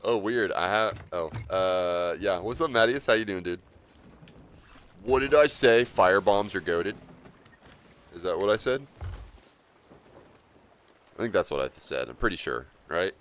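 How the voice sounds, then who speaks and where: A man's voice: low-pitched, animated, normal speed, long pauses, a bit bright, a little hiss or hum. A man live-streaming a video game, chatting casually and rambling with viewers, laughing often. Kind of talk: live gameplay commentary and chat.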